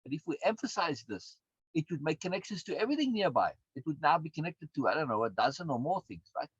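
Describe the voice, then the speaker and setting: A man's voice: a little high, big pitch swings, quick pace, slightly rough, no echo. A man, a course instructor and coach, giving a recorded lecture in an emphatic way, repeating words and often adding tag questions. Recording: dull, dry lo-fi sound.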